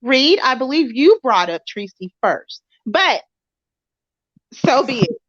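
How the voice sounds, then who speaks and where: A woman's voice: high voice, very animated, slow pace, a bit bright, no echo, heavily acted. A woman playing a prim, apologetic interviewer with a Memphis Southern accent in a comedic mock interview. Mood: patient. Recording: dull lo-fi recording.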